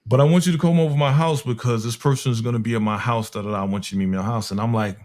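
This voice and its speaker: A man tells a casual story. His voice sits at an everyday middle pitch. He talks in an animated way and puts on the voices of the people in his story, peppered with street slang. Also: very fast. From Harlem, New York. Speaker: music producer telling a story.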